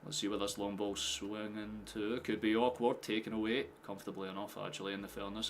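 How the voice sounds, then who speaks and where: A man casually commentating a football match live for his stream, chatty, swearing and quick to laugh. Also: lowish voice, steady tone, slight background noise. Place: home streaming setup with headphones.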